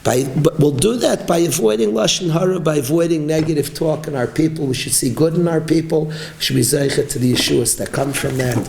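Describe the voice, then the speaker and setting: A man giving a sermon as a rabbi, preaching emphatically and with animated, rising exclamations. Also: on the high side, brisk, creaky, few pauses. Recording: roomy echo.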